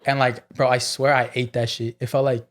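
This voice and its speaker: A man's voice: medium pitch, flat delivery, moderate pace, a bit bright. A man guest comedian telling a rowdy story on a podcast, profane and packed with "like"s. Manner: profane, filler-heavy storytelling with many "like"s.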